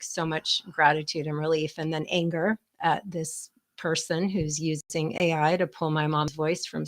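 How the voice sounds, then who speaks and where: Low, gravelly woman telling a story casually. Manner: chatty, many fillers, animated quoting. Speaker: co-host, the host's daughter.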